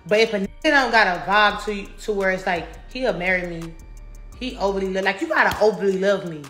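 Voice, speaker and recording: A woman's voice: mid-range voice, brisk, a bit bright, soft background music. A young adult woman rapper talking casually in an interview, brash, boastful and full of profanity. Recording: roomy echo.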